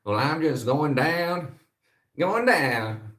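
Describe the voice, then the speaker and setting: A man putting on a put-on Southern American accent, playing a laid-back drawling guy who talks slow and pitched up. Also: very animated, a bit bright, full character voice.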